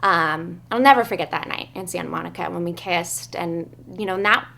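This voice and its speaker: A young adult woman, a bride, earnestly telling her love story and reading her wedding vows, with frequent "um" pauses. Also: lowish voice, vocal fry, sharp tone.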